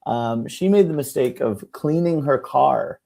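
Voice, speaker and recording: A young man co-hosting a casual chat show, an animated storyteller who acts out the people in his stories. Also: mid-range voice, unhurried, creaky. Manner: animated storyteller, mimics people with shouts and laughs. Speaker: podcast co-host.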